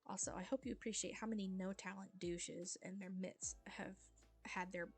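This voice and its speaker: A woman voicing a deadpan, cocky teenage boy in a low-key drawl while reading a webcomic aloud. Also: normal speed, breathy edge, faint music behind.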